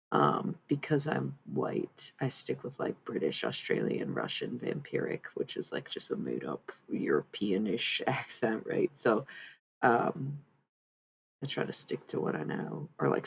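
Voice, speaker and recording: A woman's voice: extremely low pitch, vocal fry, darkish tone, slight background noise. A woman streaming live, chatting in a rambling way and giving a tarot reading, swearing freely. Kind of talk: casual livestream chat and tarot reading.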